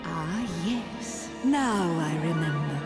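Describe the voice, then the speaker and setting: An actress playing a regal, sneering evil sorceress in a video game cutscene. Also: female voice, lowish voice, lively intonation, slow pace. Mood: scheming. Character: haughty evil sorceress queen, scheming. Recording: game cutscene with loud music.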